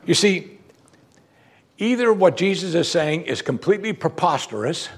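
Male pastor, middle-aged, sermon, husky voice, lively swooping pitch, preacherly emphasis. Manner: animated, preacherly, swinging from loud emphasis to low quiet.

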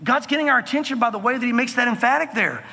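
A man preaching a sermon from the pulpit, earnest and emphatic, slowing down to stress key phrases. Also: extremely high pitch, animated, creaky, sharp tone, breathy edge, in a large hall. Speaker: pastor.

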